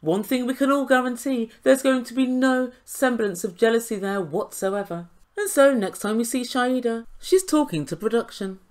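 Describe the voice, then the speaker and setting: A woman's voice: a little high, normal speed, few pauses, darkish tone. A woman giving an indignant, sarcastic recap and review of a reality TV show, swearing now and then.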